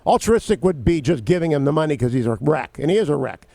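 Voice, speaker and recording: A man hosting a political talk radio show, briskly laying out his opinions point by point into a studio mic. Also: a little high, lively intonation, creaky, mellow, no room sound.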